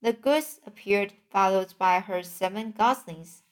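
Slow, gentle woman reading a storybook. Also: medium pitch. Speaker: audiobook reader. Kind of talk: storybook narration.

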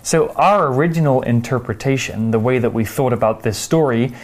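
Man explaining vocabulary, slow and careful. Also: mid-range voice. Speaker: English teacher.

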